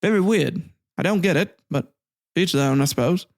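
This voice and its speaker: A man reading a correspondent's report with deadpan asides. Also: on the high side, moderate pace, gravelly. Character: newspaper correspondent at an inauguration.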